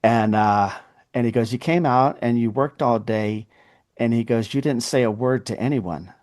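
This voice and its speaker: On a podcast, a guest casually relates a lengthy story, often breaking into laughter and performing the lines of the people involved. His voice is mid-range and darkish, moving at normal speed.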